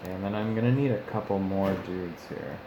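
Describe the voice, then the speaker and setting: A man's voice: deep voice, brisk. A man thinking aloud as he writes a tabletop campaign and sounds out fantasy names. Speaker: game master. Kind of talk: live-streamed campaign writing, thinking aloud. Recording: echoey room with clear background noise.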